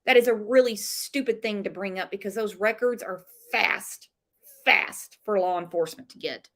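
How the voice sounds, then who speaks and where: A woman's voice: mid-range voice, normal speed, a bit bright. A woman hosting a livestream with callers, blunt and opinionated as she reads out viewer comments. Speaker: host.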